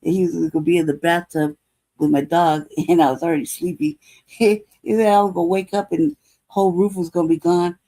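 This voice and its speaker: A woman's voice: on the low side, fairly even intonation, brisk, dark tone. A woman in her forties hosting a casual livestream, telling a rambling story full of laughter and profanity. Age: 40s. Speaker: livestream show host.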